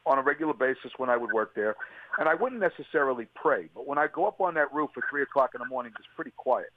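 A man's voice: mid-range voice, animated, fast, dry recording. A man, an interview guest, giving an earnest and emotional personal testimony on a radio call. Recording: tinny phone line, dry.

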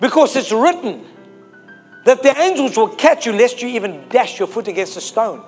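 A sly male devil as a preacher puts him on in a sermon, tempting and coaxing. The voice stays high, close to the preacher's own. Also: lively intonation, moderate pace, a little mellow, soft background music.

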